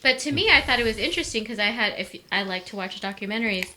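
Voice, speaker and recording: A woman's voice: a little high, animated, fast talker, slight background noise, low-quality recording. A woman co-hosting a casual chat, talking with lots of "um" and "like". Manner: chatty, lots of "um" and "like". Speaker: co-host.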